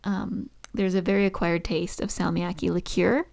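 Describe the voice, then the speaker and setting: A woman co-hosts a podcast in easy, casual chat. Her voice has a gravelly, fry-laden edge. She rambles cheerfully and pokes fun at herself, speaking close into a podcast mic. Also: on the low side, little pitch movement, normal speed, a little mellow. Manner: chatty, rambling, self-deprecating. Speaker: podcast co-host. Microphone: podcast microphone.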